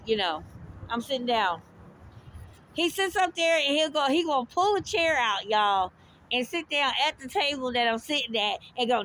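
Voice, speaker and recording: A woman telling a heated personal story straight to her viewers, animated and full of swearing. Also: high voice, moderate pace, slight background noise. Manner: animated, profane, addresses viewers directly. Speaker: storyteller recounting a confrontation.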